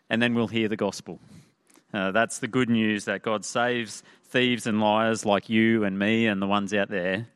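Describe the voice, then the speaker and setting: A man preaching a sermon in a conversational way, often pausing with "uh". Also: mid-range voice, a bit bright, dry recording, clean studio sound. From Australia. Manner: conversational, with frequent "uh" fillers. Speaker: pastor.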